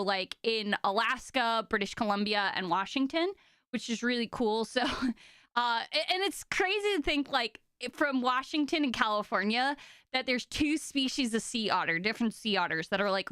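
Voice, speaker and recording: A woman's voice: a little high, bright, forceful tone, smooth, no room sound, studio quality. A young woman giving a casual, chatty lesson about animals, full of fillers and enthusiastic asides. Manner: reads and answers chat questions. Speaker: streamer teaching about sea otters. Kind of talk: casual educational talk.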